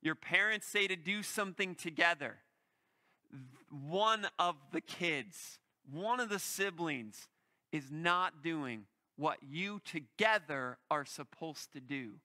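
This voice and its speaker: A male pastor preaching a sermon, telling the story in an animated, vivid way. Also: on the high side, slow pace.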